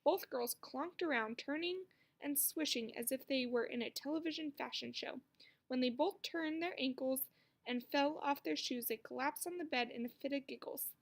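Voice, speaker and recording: A woman reading a children's book aloud with expressive storytelling. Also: high-pitched, normal speed, vocal fry. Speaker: narrator.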